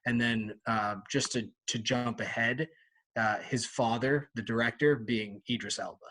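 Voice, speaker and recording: A man's voice: mid-range voice, fairly even intonation, measured pace, a bit bright. A man co-hosting a casual book club podcast, chatty and easygoing, often laughing as he leads the discussion. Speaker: podcast co-host.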